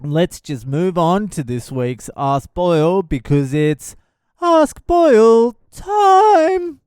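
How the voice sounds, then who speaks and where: A man's voice: mid-range voice, darkish tone, clean tone, no room sound, studio quality. A man who is a comedian hosting his own podcast, telling comic stories in a blunt, profane way and laughing at his own jokes. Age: adult father of a young child. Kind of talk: profane comic storytelling monologue.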